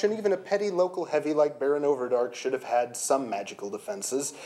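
A narrator reading a comic fantasy audiobook in the first person, with a wry, deadpan delivery. The pitch rises and falls in a lively, animated way, even through the dry asides.

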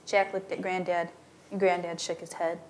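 A woman's voice: fairly low pitch, flat delivery, moderate pace, a little hiss or hum. A woman narrating a story aloud, lightly giving voice to the characters in plain storytelling. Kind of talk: scripted narration.

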